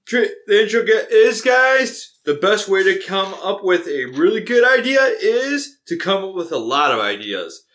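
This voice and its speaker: A man asking interview questions read from his notes, brisk, stumbling now and then and apologizing. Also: high voice, big pitch swings, fairly bright tone.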